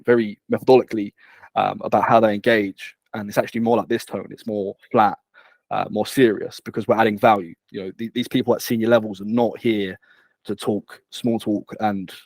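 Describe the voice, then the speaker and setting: A man talks as a guest in a business interview. He speaks energetically and often repeats a word before his point comes out. The sound is dry, with no room echo. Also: on the low side. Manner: energetic, repeats words when starting phrases. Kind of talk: conversational interview.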